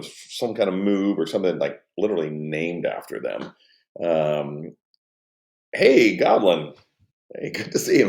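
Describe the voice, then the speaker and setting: A man's voice: low voice, vocal fry, a little mellow, roomy sound. A man hosting a livestream, rambling in casual chat with many restarts and greeting viewers by name. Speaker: livestream host.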